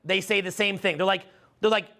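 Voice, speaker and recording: Man, middle-aged, high voice, bright tone, emphatic seminar talk, repeats himself. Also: fairly even intonation, a little fast, creaky. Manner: emphatic, repeats phrases, many fillers. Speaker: dating coach speaking to a live audience.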